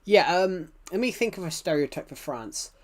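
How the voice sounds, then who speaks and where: A man's voice: sits high, lively intonation, moderate pace. A man with a British accent, chatting casually on a live game stream, rambling and answering chat messages with frequent restarts. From United Kingdom.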